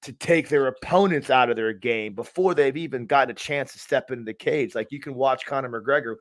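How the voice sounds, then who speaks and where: Brisk and mid-range, this male podcast co-host speaks with no echo in the recording. His casual chat is rambling and foul-mouthed, with frequent false starts.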